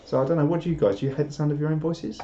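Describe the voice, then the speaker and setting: A man's voice: on the high side, fairly even intonation, very fast, warm tone, a little hiss or hum. A man chatting casually on a live stream, rambling and self-deprecating as he reads out viewer comments. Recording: dull lo-fi stream audio.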